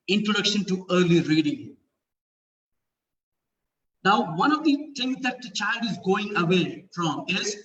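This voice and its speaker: A man's voice: high-pitched, pushed and bright, slight background noise. A man with an Indian English accent giving an earnest talk to parents, explaining step by step and asking rhetorical questions. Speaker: parenting speaker. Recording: dull, roomy, from a distance.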